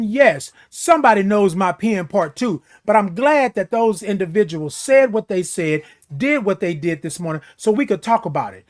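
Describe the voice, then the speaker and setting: A man delivers a motivational morning talk in a high voice that leaps up and down in pitch. He preaches in repeated phrases and throws in playful beeping noises. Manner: preachy, repetitive, makes beeping sounds. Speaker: host. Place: seated in a chair.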